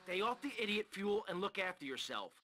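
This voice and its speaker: A curt crime boss answers his callers with short, dry remarks in a crime game. His voice is bright and a touch high. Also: very animated, brisk, a little hiss or hum, exaggerated voice. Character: curt, dry-witted male criminal boss. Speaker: game protagonist.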